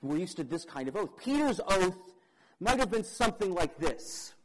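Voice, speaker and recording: A young man preaching a sermon, dramatic, asking the audience questions and swinging between loud emphasis and quiet. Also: high-pitched, sing-song, normal speed, rough recording.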